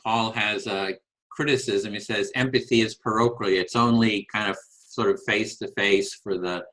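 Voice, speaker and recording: A man's voice: fairly low pitch, fairly even intonation, moderate pace, a bit bright, low-quality recording. Earnest man hosting a discussion. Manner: earnest, retelling exchanges with acted quotes. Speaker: host. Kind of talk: conversational discussion. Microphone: video call.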